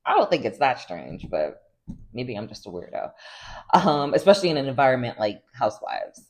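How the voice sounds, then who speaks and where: A woman hosting a casual reality TV recap, chatty and gossipy, full of "like" and quick laughs. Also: rumbling low, very animated, a little mellow. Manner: chatty and gossipy, heavy use of "like", laughs often.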